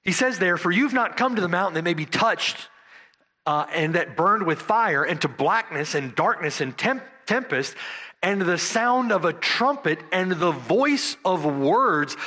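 A man delivering an expository sermon in a bright, forceful voice. His pitch rises and falls widely as he draws out key words for emphasis, then turns to his listeners with rhetorical questions. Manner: emphatic, dramatic slow stresses on key words; asks the congregation rhetorical "right?". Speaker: preacher.

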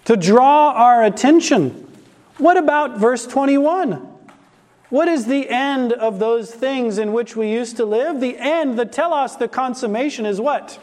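A man's voice: very high-pitched, a little mellow, long reverb tail. A man preaching an expository sermon in a church, asking rhetorical questions and stressing key words.

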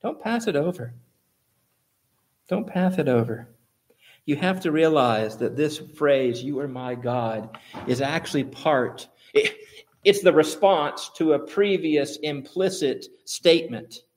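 A man preaching a sermon, asking his listeners rhetorical questions and building to emphatic, louder peaks. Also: on the high side, unhurried.

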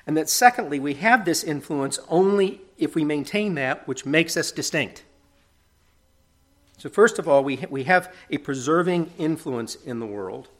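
A man's voice: fairly high pitch, lively intonation, moderate pace, a bit bright. Man, preacher, sermon, earnest, conversational, asks the listeners questions.

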